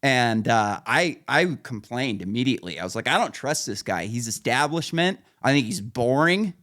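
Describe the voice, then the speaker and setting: A man's voice: mid-range voice, animated, normal speed, a bit bright. A man hosting a podcast, telling rambling, profane stories in casual chat and laughing at his own punchlines. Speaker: podcast host.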